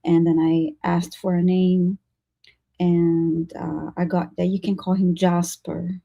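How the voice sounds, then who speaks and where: A woman giving psychic readings on a live stream, speaking haltingly with many fillers. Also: fairly low pitch, little pitch movement, creaky, mellow, lo-fi sound. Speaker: psychic reader and co-host.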